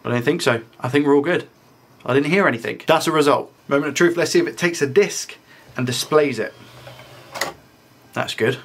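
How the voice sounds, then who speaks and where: A man's voice: on the high side, fairly quick, long pauses, a little hiss or hum. Chatty man fixing consoles. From United Kingdom. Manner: chatty, upbeat, talks viewers through each step. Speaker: tech repair YouTuber. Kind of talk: casual narration while repairing consoles.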